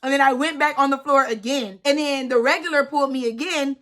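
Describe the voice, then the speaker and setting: High, bright-voiced young woman vlogging. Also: a little fast. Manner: emphatic, repeats phrases, lots of "like". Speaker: storytime vlogger. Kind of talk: casual storytime vlog.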